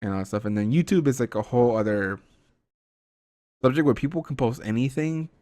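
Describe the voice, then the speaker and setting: A young man hosting a podcast, chatting casually in a rambling, profane, animated way. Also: medium pitch, a little fast. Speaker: podcast host. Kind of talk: casual chat.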